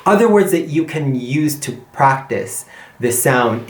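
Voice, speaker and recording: Man slowly drilling pronunciation, echoey room. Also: medium pitch, animated. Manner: slow, drawn-out repetition of example words. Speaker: French pronunciation teacher. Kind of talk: online language lesson.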